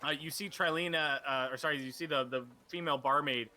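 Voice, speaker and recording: A man's voice: on the high side, fairly even intonation, brisk, pushed and bright. A man running a tabletop game as dungeon master, narrating with lots of ums and self-corrections.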